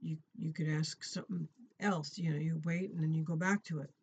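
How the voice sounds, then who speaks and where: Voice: medium pitch, flat delivery, fairly quick, dull audio, a little hiss or hum. A middle-aged parent sharing a personal prayer testimony to encourage viewers, talking earnestly and conversationally, often repeating and restarting phrases. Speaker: Christian encouragement vlogger.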